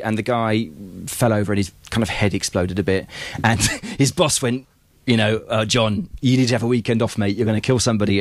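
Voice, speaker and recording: A man, an author telling stories at a bookshop event, animated and laughing often, with many restarts. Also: mid-range voice, dry recording.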